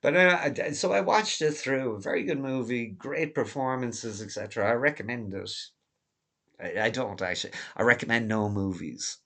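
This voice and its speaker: A man's voice: medium pitch, moderate pace, fairly bright tone. A man delivering a rambling, profane monologue, laughing often as he digresses. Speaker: vlogger.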